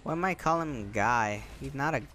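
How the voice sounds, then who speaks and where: A young man hosting his own gaming channel, giving excitable, casual commentary over his gameplay, often repeating his exclamations. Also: medium pitch, fairly quick, music in the background.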